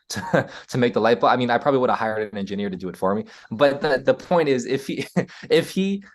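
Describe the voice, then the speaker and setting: An American man with a somewhat low voice, talking as a guest on a podcast. He explains earnestly and casually, restarting phrases and tagging points with "right?". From United States. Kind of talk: casual interview talk.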